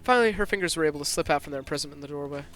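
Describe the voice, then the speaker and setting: A man narrating a story at a rapid clip, his voice slightly high. He reads tense first-person scenes as a streamer, breaking off now and then for asides. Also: fairly bright tone, soft background music. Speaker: streamer reading a visual novel aloud.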